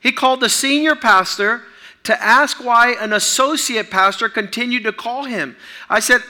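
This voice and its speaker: High, very bright-voiced preaching man. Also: normal speed. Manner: energetic preaching, urging the congregation. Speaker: pastor. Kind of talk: sermon.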